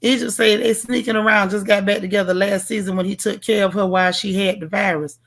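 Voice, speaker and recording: Her mid-range voice holds steady and moves a little fast. Hosting a laid-back livestream, she chats with viewers, reads their comments, and gives a TV show a sassy, playful review straight to her audience.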